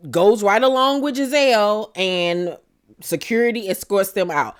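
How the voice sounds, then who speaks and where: A woman's voice: medium pitch, lively intonation, measured pace, smooth. A woman, hosting a casual reality TV recap and gossiping animatedly as she acts out the cast's lines.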